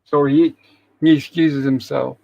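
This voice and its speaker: A man's voice: on the high side, level tone, measured pace, vocal fry, warm tone, highs cut off. A man hosting a casual show, retelling an episode's scenes in an easygoing way and reading characters' lines aloud. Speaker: host.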